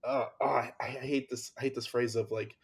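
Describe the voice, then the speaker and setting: A man's voice: mid-range voice, little pitch movement, moderate pace, husky. A man hosting a podcast, talking enthusiastically and often restarting his sentences in casual conversation. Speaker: podcast host.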